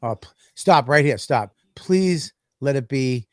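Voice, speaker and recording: A man's voice: medium pitch, animated, slow pace, no room sound, clean studio sound. A man co-hosting a comedy podcast, bantering crudely and laughing often. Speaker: podcast co-host. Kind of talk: casual comedy chat.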